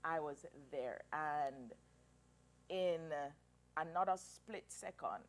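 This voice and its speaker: Woman in her 30s telling her story, low-ish voice, swings all over, laughs and tears up. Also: takes it slowly. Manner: animated, emotional, laughing through tears. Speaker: guest. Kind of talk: personal storytelling in an interview.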